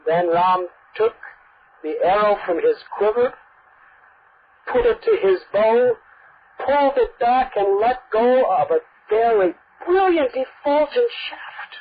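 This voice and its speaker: Slow, high-voiced woman storyteller. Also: animated. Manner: vivid, emphatic storytelling. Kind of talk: devotional storytelling. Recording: dull lo-fi recording.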